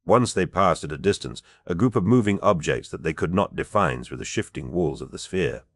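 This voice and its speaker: A man narrating a fantasy audiobook in a measured, even reading style. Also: low-pitched, dry recording, studio quality. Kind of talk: scripted narration.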